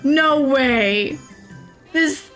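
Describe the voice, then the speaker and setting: Excitable swearing woman streamer, game music. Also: high-pitched, very slow. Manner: excitable, swears a lot, laughs often. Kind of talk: casual game stream commentary and reading game text aloud.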